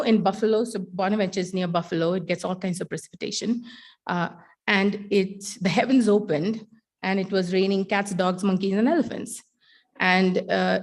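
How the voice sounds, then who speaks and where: A middle-aged woman, a teacher, giving a keynote talk in an animated storytelling manner. Her voice sits at an ordinary middle pitch. She delivers her points with wry humor and well-placed dramatic pauses.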